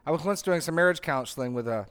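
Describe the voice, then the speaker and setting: A man's voice: fairly high pitch, animated, fast talker, a bit bright, clear, resonant tone. A middle-aged man leading a Bible study as its pastor, conversational and full of restarts and asides while teaching a group.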